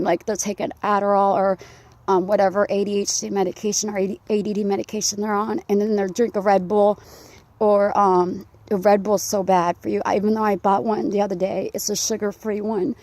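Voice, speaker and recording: A woman out of breath, rambling and confessional as she vlogs while walking outdoors in a quiet neighborhood. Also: medium pitch, no echo. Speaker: vlogger. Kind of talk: casual vlog while walking. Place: outdoors, quiet residential community. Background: faint dog and insects.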